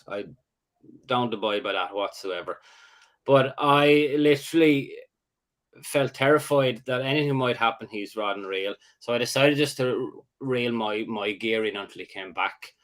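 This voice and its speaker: A man telling a fishing story in a casual, rambling chat, halting and restarting, then getting animated as the story builds. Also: medium pitch. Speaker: angler host.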